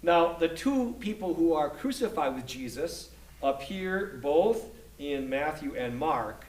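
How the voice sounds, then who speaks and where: A man's voice: fairly high pitch, expressive, slow pace, a little mellow, distant mic. A man giving a scripture lecture to a class. He speaks unhurriedly, often restarting his sentences and checking in with "okay?" between points. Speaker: Bible study instructor. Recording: echoey room, voice from afar.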